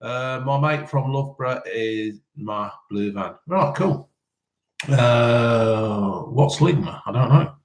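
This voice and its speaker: This live-stream host, a man in his fifties, takes it slowly in a medium-pitched voice as he reads viewers' questions and replies with blunt, cheeky, sweary banter during a casual chat. An echoey room surrounds him.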